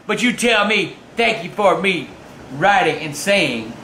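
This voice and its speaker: An older man with a drawl tells his stories in a profane, blustering rush that keeps boiling over into shouting. His voice sits high for a man and has a sharp, bright edge. A faint room noise hangs behind him. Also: animated, measured pace. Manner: foul-mouthed, blustering, erupts into shouting. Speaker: storytelling vlogger. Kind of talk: profane storytelling.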